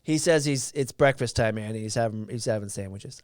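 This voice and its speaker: A man's voice: on the high side, fast talker, hardly any pauses, no echo, clean studio sound. Rambling man storytelling on a livestream. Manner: rambling storyteller with many fillers and restarts. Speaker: live stream host. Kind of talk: casual livestream talk.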